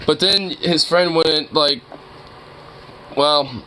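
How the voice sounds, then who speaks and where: A man's voice: medium pitch, animated, measured pace, background noise. A young man casually reacting to a video while gaming, laughing and swearing in disbelief. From suburban Toronto, Canada. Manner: laughing, incredulous, profane. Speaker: streamer.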